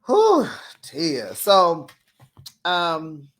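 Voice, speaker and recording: A reality TV reviewer giving casual commentary to the camera, animated and talking straight to the cast. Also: medium pitch, very slow. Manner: animated, talks straight to the cast, acts out quotes.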